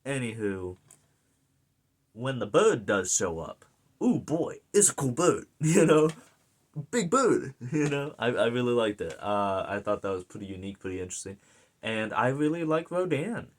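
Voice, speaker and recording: A man's voice: on the low side, lively intonation, normal speed. An American man giving a casual film review, rambling and enthusiastic, with plenty of fillers and restarts. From United States. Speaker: movie reviewer.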